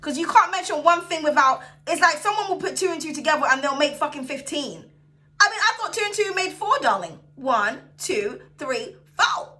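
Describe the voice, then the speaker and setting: A sassy, chatty woman giving a tarot reading, her voice high and bright. She swears freely, calls her viewers darling, and swings between excited outbursts and low, soothing asides. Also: moderate pace. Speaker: tarot reader. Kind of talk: casual tarot reading to camera.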